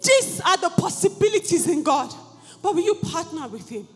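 High-voiced woman preaching fervently. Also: very animated, normal speed, long reverb tail, faint music behind. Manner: fervent, building to shouted repetition. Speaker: pastor. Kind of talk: sermon. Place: church hall.

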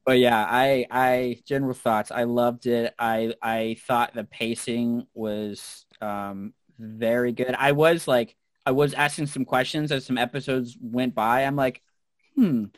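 A man's voice: mid-range voice, little pitch movement, measured pace, hardly any pauses, dry recording. A man co-hosting a podcast in casual chat, effusive and leaning on filler words as he gushes. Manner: effusive, leans on "like". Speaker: podcast co-host.

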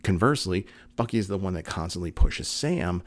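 Very deep-voiced man, rambling commentary. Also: lively intonation, brisk. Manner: rambling, repeats words, many fillers; acts out quoted lines. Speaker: show reviewer. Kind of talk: casual spoken commentary.

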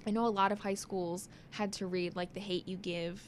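A woman's voice: medium pitch, little pitch movement, moderate pace, a little hiss or hum. A young woman co-hosting a podcast in casual chat, chatty and giggly with lots of filler words. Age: young adult. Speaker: podcast co-host.

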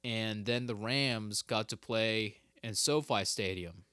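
A man's voice: on the low side, takes it slowly, pushed and bright, dry recording, studio quality. A young man hosting a casual solo podcast, rambling and stopping himself mid-sentence, cursing freely. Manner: rambling, self-interrupting, swears a lot. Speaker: podcast host.

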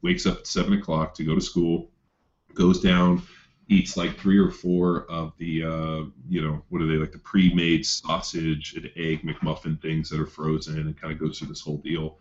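Deep and low, a man talks loosely and at length, swearing freely and leaning on fillers like a coach swapping stories. The sound is dull and lo-fi, as if from a cheap podcast mic. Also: monotone, moderate pace, a little mellow. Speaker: coach telling a client story. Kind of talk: casual podcast chat.

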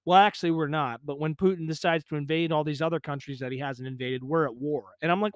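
A man's voice: a little high, fast talker, hardly any pauses, clear, resonant tone, no room sound, clean studio sound. A man hosting a solo podcast, swearing constantly and ranting angrily, recorded in a small pump house. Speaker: podcast host. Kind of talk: solo profane rant. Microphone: podcast microphone.

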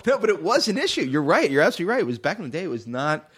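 A man's voice: fairly high pitch, wildly swooping pitch, fast talker, breathy edge. A man talking as a podcast guest in casual comedic chat, rambling and self-deprecating with lots of fillers.

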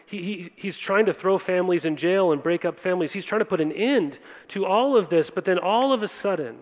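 A man's voice: sits high, a little fast. A young man preaching a sermon earnestly, addressing listeners directly and often checking in with "right?". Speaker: pastor. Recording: long hall reverb.

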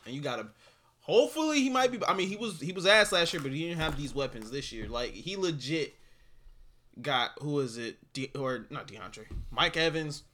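A man co-hosting a casual sports podcast, laughing often and ranting fast when excited. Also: on the high side, slight background noise. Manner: laughs often, fast excited rants, calls listeners bro. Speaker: podcast co-host.

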